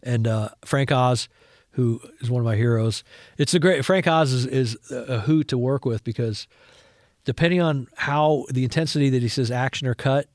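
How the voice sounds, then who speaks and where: A middle-aged man recounts film-set stories in a casual, animated way, now and then acting out other people's lines. His voice sits at an ordinary mid pitch. The sound is close and dry, with no room echo. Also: normal speed. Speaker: podcast guest, camera operator turned director. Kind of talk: casual anecdotal interview.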